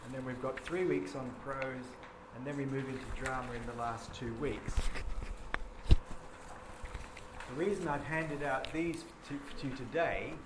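A man's voice: medium pitch, slow pace. A man giving a classroom lecture, explaining patiently and chanting rhythms aloud. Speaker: teacher. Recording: echoey classroom with background noise.

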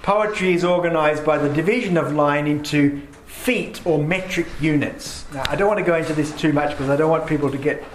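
A man's voice: a little high, brisk, few pauses, a little hiss or hum. Male teacher in an echoey classroom. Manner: reads verse aloud with emphatic stresses. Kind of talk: classroom lecture on poetry. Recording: echoey classroom with faint ambience.

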